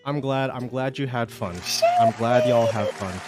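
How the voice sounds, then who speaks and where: A man's voice: medium pitch, steady tone, normal speed. A man hosting a live stream, chatting loosely with friends and his chat, swearing as he goes. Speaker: streamer host. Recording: music and crowd noise behind.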